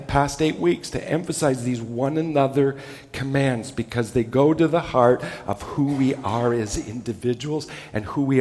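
A male pastor preaching a sermon with emphasis, dropping low and soft on key words. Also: long reverb tail.

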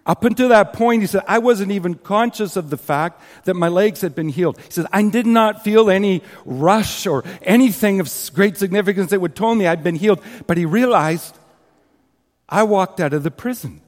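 A man's voice: high-pitched, normal speed. Man preaching a story in an echoing hall. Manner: earnest, retells a story with quoted scripture; asides to the congregation. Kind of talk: sermon storytelling. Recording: long hall reverb.

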